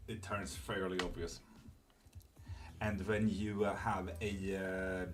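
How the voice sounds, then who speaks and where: A man's voice: low voice, little pitch movement, slow pace, long pauses, background noise. A man running a live tarot stream, chatting casually with viewers and rambling with fillers and the odd swear. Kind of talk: casual live-stream chat reading comments.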